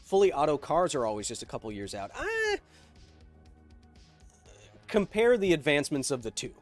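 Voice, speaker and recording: A man's voice: fairly high pitch, big pitch swings, fast talker, faint music behind. A man hosting a livestream Q&A, reading viewer questions aloud and answering in a rambling way, with lots of fillers. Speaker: host. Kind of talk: livestream Q&A chat.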